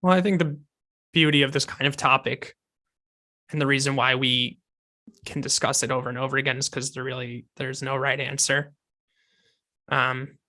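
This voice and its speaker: A man's voice: medium pitch, fairly even intonation, moderate pace, long pauses, sharp tone. A man co-hosting a music podcast, speaking thoughtfully and hedging his points. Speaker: podcast co-host. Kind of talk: casual podcast chat.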